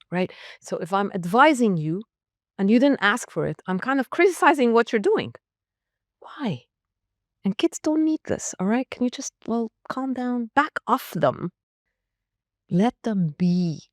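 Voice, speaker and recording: A woman's voice: mid-range voice, darkish tone, no room sound, clean studio sound. A woman around sixty, a school leader answering interview questions in an emphatic, direct way with short punchy phrases. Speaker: school academic leader, guest.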